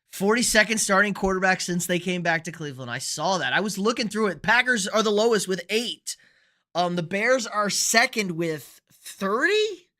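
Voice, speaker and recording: A man's voice: sits high, bright, forceful tone. A young man hosting a live sports stream, chatting casually and rambling through football picks while answering viewer comments. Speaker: sports show host.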